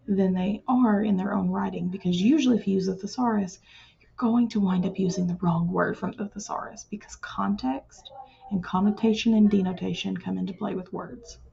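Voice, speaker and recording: A woman's voice: medium pitch, gravelly, mellow, husky, muffled recording. A woman teaching writing to her students in a recorded lesson, explaining patiently and plainly, drawing words out for emphasis.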